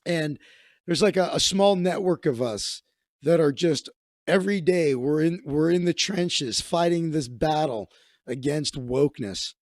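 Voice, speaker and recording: A man's voice: fairly high pitch, a little slow, a little mellow, dry recording, clean studio sound. A comedian hosting a livestream, a man telling stories in casual, rambling, profane chat with many restarts.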